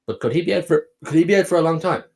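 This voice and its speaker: Male watch-along host, slightly high voice, fast, excitable, reads the chat. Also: vocal fry, crowd noise. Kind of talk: live football watch-along commentary.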